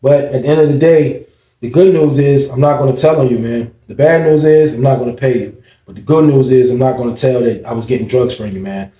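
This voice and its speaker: A man voicing a slippery, smooth-talking male inmate as he reads out a letter in a lower, softer voice. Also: brisk, reverberant, natural voice. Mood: placating.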